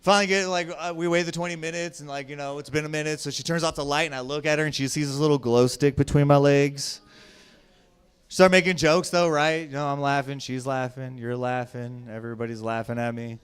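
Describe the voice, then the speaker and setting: A young adult man doing a profane stand-up comedy set on a club stage, swinging between loud shouting and low mutters. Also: steady tone, a little fast, clear, resonant tone.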